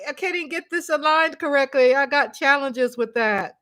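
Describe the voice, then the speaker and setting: High-voiced chatty woman streamer. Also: moderate pace, hardly any pauses. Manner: excitable, chatty, shouts and laughs with excitement. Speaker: livestream host. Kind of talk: casual livestream chat. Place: home.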